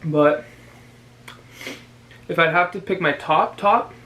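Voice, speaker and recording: A young man from Canada, a vlogger, chatting casually and giving advice, pausing now and then to chew. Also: fairly high pitch, low-quality recording. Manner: relaxed, chatty, with pauses to chew. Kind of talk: casual chat while eating.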